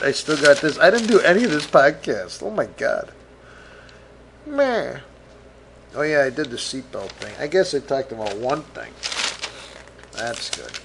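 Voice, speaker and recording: A man's voice: a little high, creaky, a bit bright, slight background noise. A middle-aged man hosting a casual solo podcast, rambling, swearing freely and mocking himself. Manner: rambling, profane, self-mocking. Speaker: podcast host.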